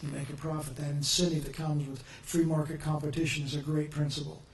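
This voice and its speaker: A man's voice: a little high, little pitch movement, quick pace, gravelly. A man giving an earnest, upbeat public speech as a governor at a press conference. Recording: echoey room, faint noise.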